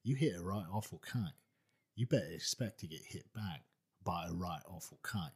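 A man's voice: fairly low pitch, big pitch swings, quick pace, mellow, slightly rough. A man putting on a South London accent to play a threatening tough guy. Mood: menacing.

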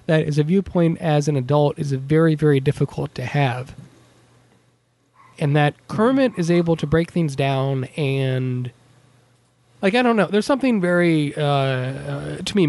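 A man's voice: on the high side, lively intonation, normal speed, a little mellow, dry recording. A man hosting a podcast in casual chat, earnest and rambling, with many fillers and self-interruptions. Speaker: podcast host.

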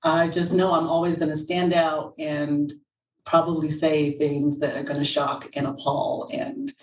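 A woman telling her own story as an interview guest, candid and animated, laughing often. Her voice sits on the lower side for a woman. The recording is roomy, and the mic sits at a distance from her. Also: a little slow, a little hiss or hum. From England. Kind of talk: casual interview chat. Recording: roomy sound from away from the mic.

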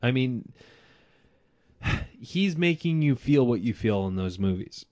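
A man's voice: medium pitch, slow. A young man co-hosting a casual movie review chat, loose and easygoing, with many fillers, and he has the hiccups. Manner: relaxed, loose, lots of fillers and "like". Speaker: podcast co-host.

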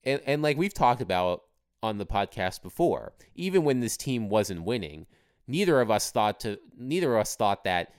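Animated man on a sports podcast. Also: moderate pace, smooth, no echo, clean studio sound. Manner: animated, mocks fans in a high whiny put-on voice. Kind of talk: casual chat.

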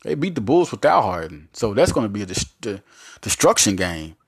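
A man's voice: on the low side, a little fast, husky. Rambling man on a sports podcast. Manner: animated, rambling, frequent restarts and fillers. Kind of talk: casual solo sports podcast.

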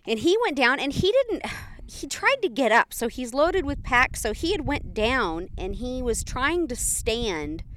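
A young woman, telling a story in a casual, animated way and laughing often. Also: sits high, a little slow, no echo.

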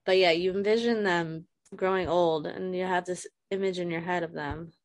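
A woman's voice: on the low side, fairly even intonation, normal speed, dry recording. A woman in her thirties, a guest speaking frankly and emotionally about loss, swearing casually, on a video call. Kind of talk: candid personal conversation.

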